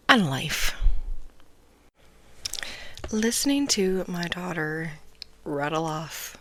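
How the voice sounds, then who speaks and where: A woman in her thirties hosting a podcast, telling stories in a casual, animated way. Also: on the low side, extremely slow, pauses often, no echo. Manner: animated, laughing storyteller. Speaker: podcast host.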